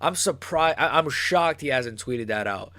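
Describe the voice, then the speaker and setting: A young man hosts an MMA channel's live fight reaction stream, ranting excitably and swearing while recorded close to the mic. His voice is mid-range and unhurried, with no room sound.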